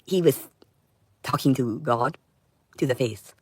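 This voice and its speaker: A woman delivering a rambling livestream monologue in an intense, confrontational way, swinging between loud outbursts and low muttering. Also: slow, husky, no room sound.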